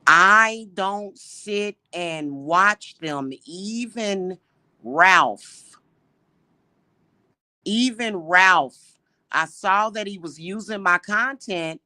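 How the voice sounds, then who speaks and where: A woman hosting a livestream, ranting indignantly at her viewers with exasperated rhetorical questions and slow, emphatic repetition. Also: medium pitch, bright, forceful tone, no room sound. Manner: repeats points slowly and emphatically. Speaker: livestream host.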